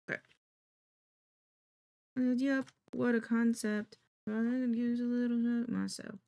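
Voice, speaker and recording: A woman's voice: on the high side, little pitch movement, unhurried, pauses often, mellow, clean tone. A woman streamer chatting casually to her viewers, thinking aloud in a jittery, self-deprecating way while she works. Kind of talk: casual live-stream chat.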